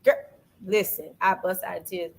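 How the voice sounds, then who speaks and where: A woman hosting a casual faith talk, telling a personal story with lively energy and acting out what people said to her. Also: fairly low pitch, moderate pace, gravelly, poor audio. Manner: animated storytelling, acts out quoted voices. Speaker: podcast host. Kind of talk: casual faith testimony chat.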